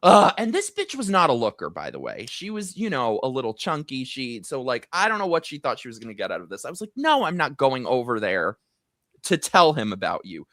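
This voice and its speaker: Speaking a little fast, a middle-aged live-stream host chats casually through a long, gossipy anecdote, his voice climbing high in pitch when excited. The recording is clean studio sound with no room sound.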